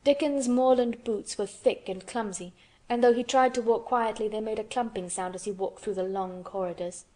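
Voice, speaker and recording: A woman narrating an audiobook of a classic children's novel in a steady, measured reading. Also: a little high. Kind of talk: scripted narration.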